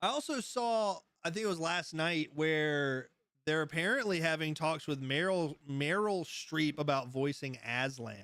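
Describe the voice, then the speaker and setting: A man's voice: a little high, a little slow, a bit bright, no room sound. Male streamer, slightly raised voice, easygoing storyteller who laughs a lot, dry room. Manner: rambling storyteller, laughs often, answers chat. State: high. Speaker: livestream host. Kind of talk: casual live-stream chat.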